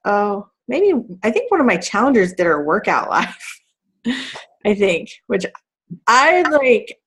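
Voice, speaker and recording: A woman's voice: mid-range voice, very animated, slow, a bit bright, slightly rough. Chatty woman coach with fillers. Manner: chatty, lots of fillers and laughter. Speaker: fitness team coach. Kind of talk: casual team call chat.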